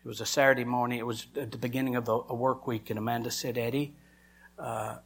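A man, a preacher giving an emotional sermon testimony and swinging from loud lines to hushed whispers. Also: mid-range voice, level tone, rapid-fire, slightly rough.

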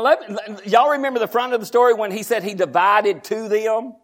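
Male pastor, high voice, church sermon, swings from asides to shouted preaching.

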